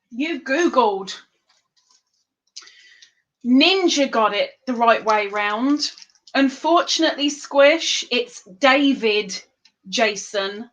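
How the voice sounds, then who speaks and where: A woman's voice: high-pitched, lively intonation, slow pace, fairly bright tone, rough recording. A woman hosting an online trivia board game on her stream, chatting to viewers and sometimes talking with her mouth full. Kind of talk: casual live-stream chat.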